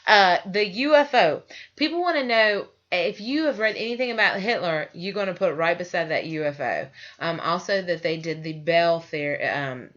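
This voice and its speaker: Low-voiced woman, casual podcast chat. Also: moderate pace, dull audio. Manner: loose, profane, excitable storytelling. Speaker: podcast co-host.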